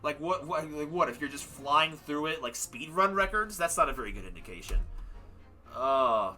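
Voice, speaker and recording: A man's voice: on the high side, lively intonation, moderate pace, bright, forceful tone, faint music behind. A young man livestreaming, chatting casually and ramblingly about a game he just finished, sounding tired and self-deprecating. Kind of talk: casual chat wrapping up a game stream.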